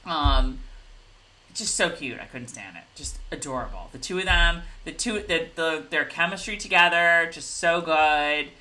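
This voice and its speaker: A woman co-hosting a casual recap chat, bubbly and gushing with quick asides. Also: deep voice, bright, forceful tone, low-quality recording. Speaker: podcast co-host.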